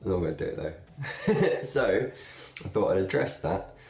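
A young man with a low, deep voice chats to his viewers in a relaxed, rambling way, full of "um"s and little laughs. He is recorded in a noticeably echoey room. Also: a little slow, gravelly. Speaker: video blogger. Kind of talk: casual talk to camera.

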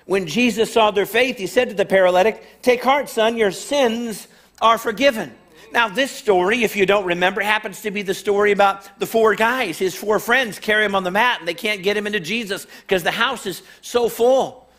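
A pastor with a notably high voice delivers a casual but emphatic sermon. He leans on repetition, stacking phrase after phrase to drive each point home, and talks to his listeners in an easy, everyday way. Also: a little fast, a bit bright. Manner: conversational, emphatic, repeats phrases for build-up.

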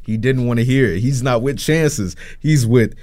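Laid-back young rapper, rambling. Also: male voice, medium pitch, normal speed, darkish tone. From United States. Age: 20s. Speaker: rapper, guest. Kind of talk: casual interview chat.

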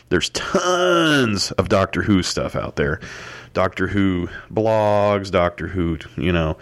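Male podcast host with a low voice, casual, rambling solo monologue. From United States. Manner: rambling, casual, many fillers.

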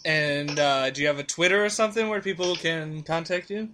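A man hosting a casual podcast, easygoing and quick to laugh. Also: fairly high pitch, bright, forceful tone, slight background noise. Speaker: podcast host.

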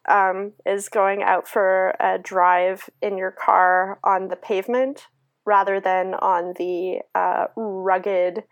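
A woman's voice: mid-range voice, little pitch movement, slow, dry recording, lo-fi sound. A Canadian woman with a congested, sick voice chats on a podcast, drifting into loose, giggly tangents. Her voice is dry and close, with no room sound around it. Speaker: podcast co-host. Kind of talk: casual chat.

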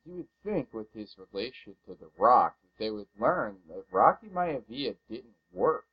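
A man co-hosting a podcast in casual chat, animated and quick to exclaim. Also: medium pitch, slightly rough, lo-fi sound. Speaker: podcast co-host.

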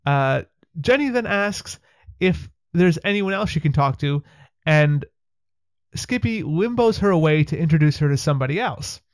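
A man's voice: a little high, expressive, normal speed, dry recording. A man hosting a podcast, recapping a TV episode with a wry, chatty delivery. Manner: wry, chatty narration with laughs. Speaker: podcast host.

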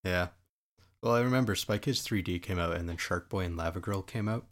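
A young man with a very low voice chats casually. He rambles in an easygoing way. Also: fairly quick, a bit bright. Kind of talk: casual chat.

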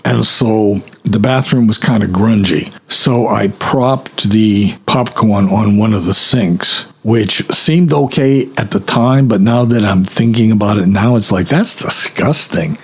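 A man's voice: lowish voice, a little slow, few pauses, breathy edge. A man casually telling a rambling, self-mocking personal story, acting out the other people in it. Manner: rambling, self-mocking, acts out quoted voices. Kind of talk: personal anecdote told casually.

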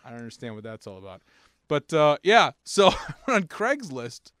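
A man co-hosting a casual podcast, joking around and laughing through his stories. His voice sits a little high and swings widely in pitch. The sound is dry and close. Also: big pitch swings, normal speed, fairly bright tone, no echo. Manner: joking, goofy, laughs often. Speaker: podcast co-host. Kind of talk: casual chat.

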